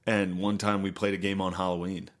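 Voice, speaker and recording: A man's voice: deep voice, little pitch movement, fairly quick. A young man co-hosting a podcast, telling crude, laid-back stories in casual chat. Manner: crude, laid-back storytelling with sudden yelled impressions. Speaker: podcast co-host.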